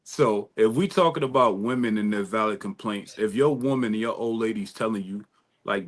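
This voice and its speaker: A man's voice: on the low side, moderate pace. Casual male podcast host. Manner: casual, slangy, puts questions to the guests.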